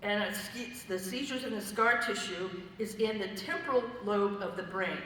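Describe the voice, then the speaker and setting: A woman's voice: mid-range voice, moderate pace, a bit bright. A woman giving a personal testimony at a church fellowship, telling her story conversationally and in vivid detail. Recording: echoey hall, voice from far off, faint noise.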